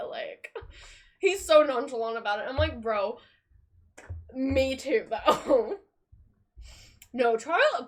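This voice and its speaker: A woman's voice: sits high, lively intonation, takes it slowly. A young woman streamer in casual chat, rambling, swearing often and laughing between thoughts.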